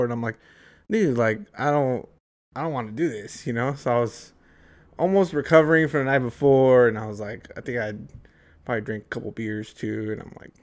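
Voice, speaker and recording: A young adult man telling a long story in casual chat, rambling and swearing freely, saying "like" and "dude" often. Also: medium pitch. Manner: profane, rambling, heavy use of "like" and "dude".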